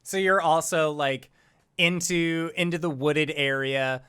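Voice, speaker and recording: This is a relaxed game master running a tabletop superhero game. The voice sits at a middling pitch, and the narration is loose and chatty, full of "like" and "uh". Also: a little slow, smooth. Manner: laid-back, filler-heavy narration.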